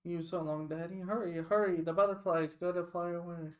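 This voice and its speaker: A man's voice: high voice, fairly even intonation, fairly quick, narrow, tinny audio, natural voice. A man voicing a feverish, dying little girl who whimpers and pleads in a childlike way. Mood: feverish pleading.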